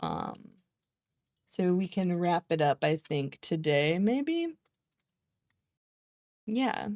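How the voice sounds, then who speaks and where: A woman's voice: fairly low pitch, drawn-out words, dry recording. Laughing, swearing woman streamer, dry sound. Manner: animated ranting with frequent laughter and swearing; exasperated, mocking quoted voices. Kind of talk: casual stream chat.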